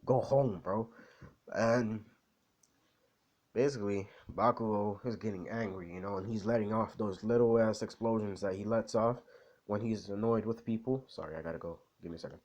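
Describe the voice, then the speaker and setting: A man's voice: on the low side, steady tone, brisk, darkish tone. A man in casual chat, rambling in slangy speech with lots of fillers. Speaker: anime vlogger.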